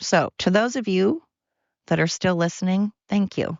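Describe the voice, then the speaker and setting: A woman's voice: lowish voice, moderate pace, gravelly, no room sound, dull audio. A woman hosting her own podcast, ranting in a heated, blunt way and swearing freely. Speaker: podcast host. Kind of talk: solo podcast rant.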